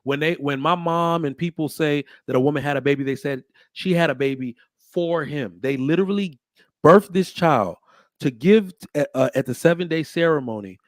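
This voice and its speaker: A young man with a somewhat high voice holds forth in a talk show, emphatic and preachy, building his point like a sermon. The sound is close and dry, with no room around it. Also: normal speed, no room sound. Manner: emphatic, preachy, animated storytelling with acted quotes. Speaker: podcast host. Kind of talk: casual opinionated chat.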